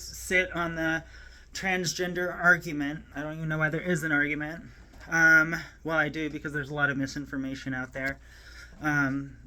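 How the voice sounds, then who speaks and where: With a low, sharp-toned voice, a woman tells a personal story to camera. She's emotional and near tears, speaking in a halting, rambling way with frequent fillers and restarts.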